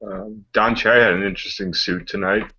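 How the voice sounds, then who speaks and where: A man co-hosting a casual podcast chat, joking and quick to laugh. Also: lowish voice, fairly even intonation, pushed and bright, slightly rough. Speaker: podcast co-host. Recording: muffled audio with faint hiss.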